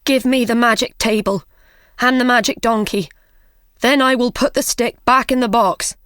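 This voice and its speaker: A woman voicing Jack, a bold, cheerful young man, in a slow storybook reading. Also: a little high, a bit bright, no room sound, studio quality, pitched above the performer's own voice, lightly acted. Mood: commanding.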